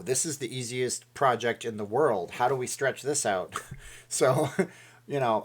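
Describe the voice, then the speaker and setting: A man's voice: mid-range voice, fairly bright tone. Rambling man chatting live. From Saskatchewan, Canada. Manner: rambling, chatty, reacts to viewer comments. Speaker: channel host. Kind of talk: casual live-stream chat.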